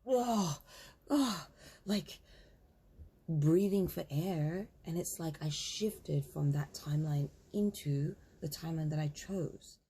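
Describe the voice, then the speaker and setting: A woman's voice: low-pitched, slow, mellow, slightly rough. A woman in her thirties telling a story casually, acting out both sides of a conversation. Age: 30s. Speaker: spiritual vlogger.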